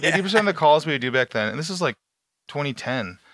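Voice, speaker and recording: Man, podcast host, crude storyteller who slips into shouted caller voices; bright, slightly high voice, dry mic. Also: lively intonation, fast talker, no echo. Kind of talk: casual chat.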